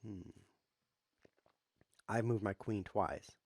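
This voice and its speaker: A man with a lowish voice commentates his own online chess games, rambling through deadpan jokes and silly asides. His voice sits close and dry on the mic, with no room sound around it. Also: extremely slow, dry recording. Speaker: chess streamer. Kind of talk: playful live commentary while playing.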